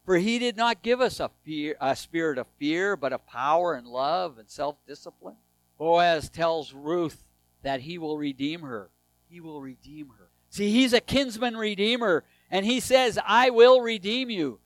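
High-voiced man preaching a sermon. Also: lively intonation, a little slow, no echo, soft background music, low-quality recording. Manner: emphatic, swings from raised to hushed voice. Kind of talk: sermon with scripture reading.

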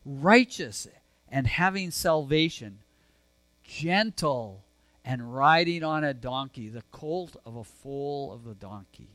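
Soft-spoken pastor preaching slowly. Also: male voice, fairly high pitch, no room sound. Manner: dynamic, swings from emphatic to soft and hushed; earnest, conversational preaching with restarts. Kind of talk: sermon.

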